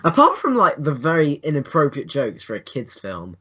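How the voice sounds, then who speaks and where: A young man co-hosting a casual film review podcast, rambling with restarts and lively put-on quotes. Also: a little high, moderate pace, slightly rough. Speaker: podcast co-host. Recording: dull lo-fi home recording.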